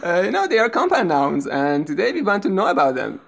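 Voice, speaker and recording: A woman co-hosting a scripted language lesson as an English teacher, explaining patiently and clearly. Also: medium pitch, wildly swooping pitch, a little fast.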